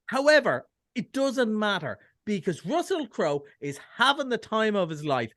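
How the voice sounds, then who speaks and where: High-voiced Irish man reviewing films. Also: pushed and bright. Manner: chatty, enthusiastic, quick asides and jokes. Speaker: cinema film reviewer. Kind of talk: radio chat film review. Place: radio studio.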